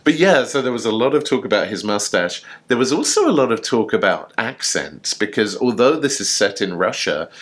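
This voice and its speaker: Low-voiced man telling a story. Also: sing-song, normal speed, hardly any pauses, a bit bright. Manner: chatty, enthusiastic storytelling with fillers. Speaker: podcast co-host. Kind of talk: casual chat.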